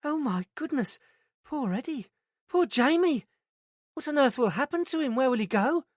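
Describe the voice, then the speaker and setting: A man's voice: very high voice, animated, normal speed, no echo, studio quality, voice pushed up. A man voicing a flustered middle-aged woman who runs a day centre, in a raised, fluttery voice. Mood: shocked. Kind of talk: audiobook character reading.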